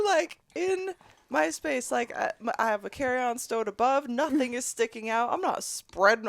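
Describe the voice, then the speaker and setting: Woman, casual podcast storyteller, high and swooping, swears freely, dry close mic. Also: gravelly, no echo. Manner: animated, profane, laughing as she tells it.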